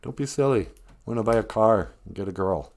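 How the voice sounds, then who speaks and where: A man's voice: lowish voice, a little fast, creaky, a little mellow. A man voicing a young teen boy hero in a live-streamed story, in a raised, emphatic storytelling voice. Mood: cocky.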